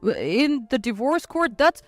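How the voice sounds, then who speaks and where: A woman's voice: sits high, sing-song, takes it slowly, no echo, soft background music, heavily acted. Woman voicing a whiny selfish ex-husband. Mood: alarmed. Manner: whiny, pleading. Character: whiny selfish ex-husband, male company president. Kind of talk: storybook narration.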